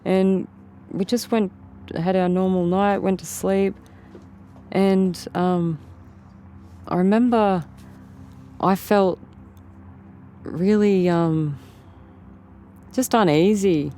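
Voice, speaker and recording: A woman's voice: medium pitch, steady tone, takes it slowly, long pauses, mellow, slight background noise. A woman with an Australian accent, telling an interviewer a story in a rambling way and often repeating and rephrasing herself. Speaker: interview guest. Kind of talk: casual storytelling.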